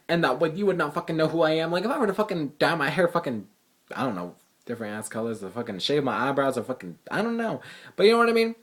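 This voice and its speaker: A man's voice: a little high, quick pace. Exasperated, foul-mouthed teenage guy ranting. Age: teens. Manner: exasperated, profane, lively retelling. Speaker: vlogger, high school student. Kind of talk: casual storytelling rant.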